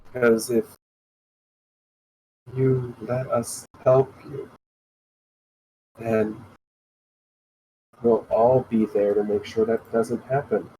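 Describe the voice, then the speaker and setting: A man runs a tabletop game as game master, narrating and speaking as a friend in a gentle, calm, slightly hesitant way. He talks slowly, and a faint hum sits under his voice. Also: medium pitch, low-quality recording.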